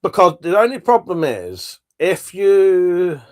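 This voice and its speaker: Chatty man with a higher voice. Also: big pitch swings, slow. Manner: chatty, rambling, swears casually. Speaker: livestream host. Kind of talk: casual chat reading out live comments.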